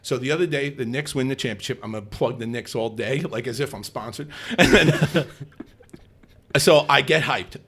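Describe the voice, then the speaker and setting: A man in his fifties telling stories in a casual chat, animated and swearing, laughing often. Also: medium pitch, moderate pace, husky. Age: 50s. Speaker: guest.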